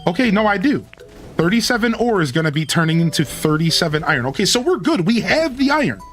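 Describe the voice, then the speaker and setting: A man's voice: sits high, very animated, quick pace, a bit bright, faint music behind. A man streaming a video game and chatting casually with his viewers. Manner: chatty, talks to chat, "dude" and "like". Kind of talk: casual let's-play commentary.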